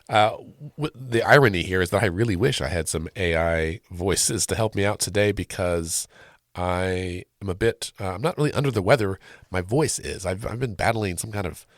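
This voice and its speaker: A man's voice: deep voice, moderate pace, no room sound, clean studio sound. A male podcast host with a nasal, congested voice from a sinus cold, talking through the week's news in a casual, wry way with frequent ums. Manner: conversational, wry, sprinkled with ums. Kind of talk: casual solo commentary.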